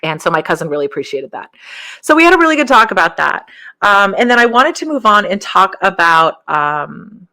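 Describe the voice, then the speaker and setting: A woman hosting a podcast, talking casually through her stories with frequent laughs and rambling asides, her voice jumping higher whenever she quotes someone. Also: sing-song, fairly quick, bright, forceful tone. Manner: jumps up in pitch when quoting others. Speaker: podcast host. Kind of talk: casual spiritual monologue.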